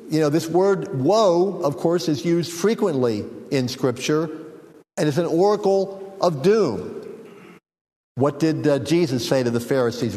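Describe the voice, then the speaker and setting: Slow-speaking preacher in a reverberant hall. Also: male voice, medium pitch, a little mellow. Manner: unhurried, reflective teaching with frequent fillers and small jokes. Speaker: pastor. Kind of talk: sermon.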